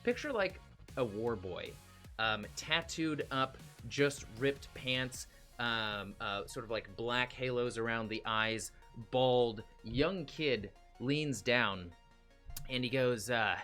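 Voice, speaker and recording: A man's voice: mid-range voice, takes it slowly, a bit bright, soft background music. A man narrating as game master, with many fillers and restarts.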